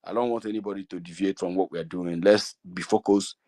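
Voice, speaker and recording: A middle-aged Igbo man with a Nigerian accent addresses an online gathering. His voice sits low and the sound is dry and close. He talks earnestly, repeats himself and pleads with his audience. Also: steady tone, fast talker, a little mellow, no echo. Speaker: community speaker. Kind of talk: speaking to an online meeting.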